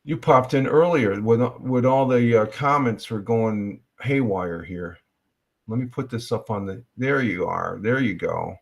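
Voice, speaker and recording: A man with a mid-range voice talks unhurriedly while hosting a casual morning livestream. He rambles with lots of fillers and reads the chat aloud.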